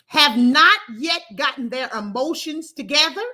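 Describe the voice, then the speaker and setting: A woman's voice: high-pitched, lively intonation, a little slow. A woman hosting a call-in livestream, talking emphatically in a folksy way and repeating words as she builds a point. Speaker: call-in show host. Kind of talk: casual livestream talk show.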